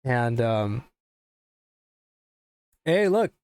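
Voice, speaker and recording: A man's voice: medium pitch, extremely slow, clear, resonant tone, no room sound. A young man hosting a podcast, telling a story in a casual, profane, rambling way. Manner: profane, animated, rambling with restarts. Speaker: podcast host.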